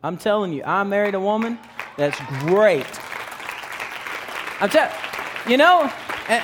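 A high-pitched man in his thirties preaches as an evangelist, animated and building to full shouts. A congregation can be heard faintly behind him. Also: unhurried, pauses often, crowd noise, noisy background. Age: 30s. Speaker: children's evangelist. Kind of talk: sermon.

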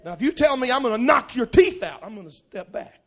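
A preacher with a strikingly high, lively voice that climbs and falls through each line. He is gravelly and often breaks into shouting. Faint music plays under his live sermon in church. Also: fairly quick. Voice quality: gravelly, loud, swings from low asides to shouting.

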